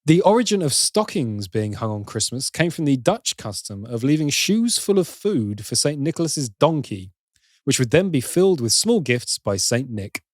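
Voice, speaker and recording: A man's voice: medium pitch, big pitch swings, moderate pace, dry recording, studio quality. A man co-hosting a podcast, reading out trivia and joking with casual swearing. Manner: reads facts aloud, then jokes and swears casually. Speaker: podcast co-host. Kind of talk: casual chat with read-out trivia.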